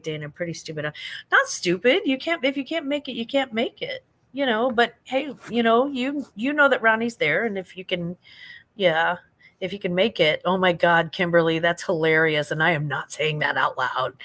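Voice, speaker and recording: A woman's voice: lowish voice, moderate pace, fairly bright tone. An older woman from St. Louis, chatting casually on a late-night livestream, rambling and laughing as she reads out viewer comments. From St. Louis, Missouri. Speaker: livestream host.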